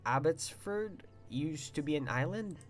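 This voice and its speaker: Young male streamer, reads game text aloud, breaks off to swear and exclaim; soft music under him. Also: on the high side, a little slow. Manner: excitable, swears and exclaims between read-out passages.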